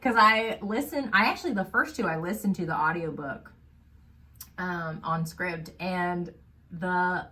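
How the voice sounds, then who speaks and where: A woman co-hosting a casual book podcast, chatty and animated, laughing often. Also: fairly low pitch. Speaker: podcast co-host.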